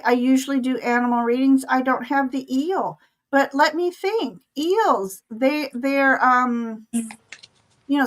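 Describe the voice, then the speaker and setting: Woman, live-stream card reader; hesitant, slow, high-ish voice. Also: poor audio. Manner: hesitant, with frequent ums and soft laughs. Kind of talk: casual oracle card reading.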